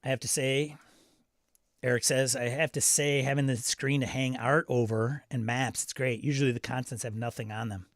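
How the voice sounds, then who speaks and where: A man's voice: mid-range voice, steady tone, moderate pace, no room sound, clean studio sound. A man hosting a live game stream, reading viewer comments aloud and chatting in a loose, self-interrupting way. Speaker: stream host.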